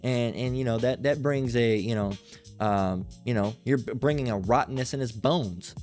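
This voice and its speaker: A man's voice: mid-range voice, moderate pace, darkish tone, faint music behind. A man preaching in an unscripted rant, blunt and profane, full of "you know" and "all right?" tags and frequent stammered restarts, with Bible passages read aloud. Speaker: online preacher.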